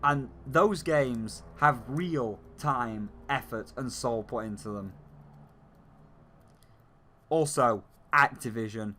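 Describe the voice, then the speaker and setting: Male reviewer, angry profane rant, unhurried delivery. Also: medium pitch, bright, forceful tone. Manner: heated, profane ranting with emphatic lists. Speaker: game reviewer. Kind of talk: ranting video review.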